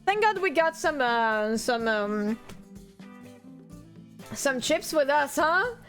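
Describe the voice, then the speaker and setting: A woman streamer reading a dating-sim video game aloud, playful and animated, chatting with her viewers. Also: high-pitched, slow, faint music behind.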